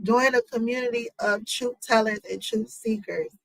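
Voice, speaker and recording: A woman's voice: on the high side, steady tone, moderate pace, no echo, low-quality recording. A woman hosting her own commentary channel, talking casually to viewers with lots of fillers and asides. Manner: chatty, lots of fillers, addresses viewers as y'all.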